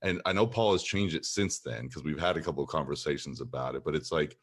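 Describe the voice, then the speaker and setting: Very deep-voiced male podcast host. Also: fast, slightly rough, no room sound. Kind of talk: conversational interview.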